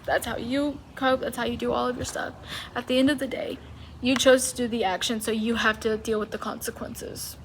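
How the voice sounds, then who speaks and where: A woman's voice: a little high, level tone, fairly quick, a little hiss or hum. A woman hosting a solo podcast, talking in a casual, emphatic and opinionated way. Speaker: podcast host.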